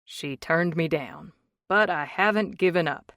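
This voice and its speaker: A woman's voice: lowish voice, a little slow, a bit bright, no echo, studio quality. A woman voicing a cocky, teasing young man. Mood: wry.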